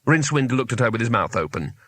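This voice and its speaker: A man narrating a comic fantasy story in an expressive storytelling manner. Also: medium pitch, fast talker, no echo. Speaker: audiobook narrator.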